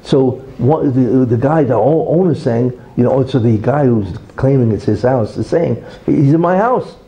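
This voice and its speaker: A man giving an informal religious talk in an animated, rhetorical way, often checking in with "right?" and "you see". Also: medium pitch, moderate pace, highs cut off.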